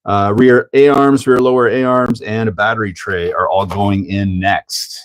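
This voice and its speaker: A livestream host with a low, steady voice chats and laughs at a measured pace during a casual hobby stream, building a model car and greeting viewers by name.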